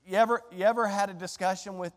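A man preaching a sermon to a congregation, shifting between impassioned, conversational preaching and quiet pleading. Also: high voice, fairly even intonation, fast. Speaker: pastor. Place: church sanctuary. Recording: long church reverb.

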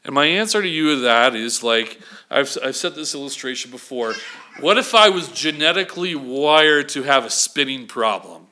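Medium in pitch, his voice sounds pushed and bright, with lively intonation at a moderate pace. The pastor preaches in a conversational style, frequently asking the congregation "okay?"

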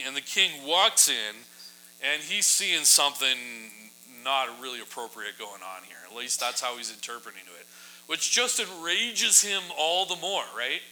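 A man preaching a sermon in a casual, humorous storytelling style, often adding quick asides to his listeners. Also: on the high side, sharp tone, rough recording. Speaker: pastor.

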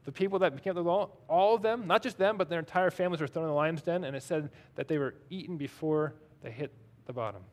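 A pastor speaks fast with hardly any pauses, his voice a little high. He preaches conversationally, poking fun at himself and reading scripture aloud between his comments.

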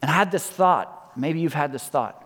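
A man's voice: on the high side, expressive, moderate pace. Emphatic male preacher in a reverberant hall. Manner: emphatic, repeats key lines, drops to soft quiet endings. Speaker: pastor. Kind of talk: sermon. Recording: long reverb of a large hall.

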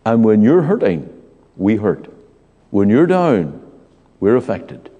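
A man preaching an evening sermon in a church, slow and emphatic with dramatic pauses. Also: lowish voice, huge pitch swings, warm tone, breathy edge, muffled recording. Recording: long church hall reverb.

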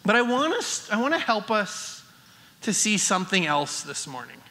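High, bright-voiced male preacher. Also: sing-song, normal speed. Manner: earnest, builds emphasis with restarts. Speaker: pastor. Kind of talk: sermon.

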